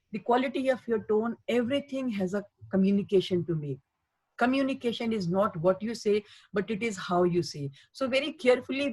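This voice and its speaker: A woman's voice: a little high, breathy edge, rough recording. A woman giving a webinar lecture as a healthcare communication trainer, earnest and repetitive in her emphasis. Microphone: webinar microphone.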